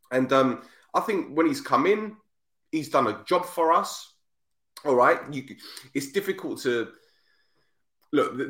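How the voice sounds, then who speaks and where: Man, lively swinging pitch, roomy echo, casual podcast storytelling. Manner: animated storyteller, acts out voices, repeats himself. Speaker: podcast host. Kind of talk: casual football podcast chat.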